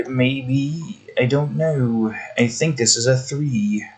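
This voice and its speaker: A man's voice: medium pitch, drawn-out words. A man giving rambling gameplay commentary while building in a game, interrupting himself often and swearing. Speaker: game content creator. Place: indoors.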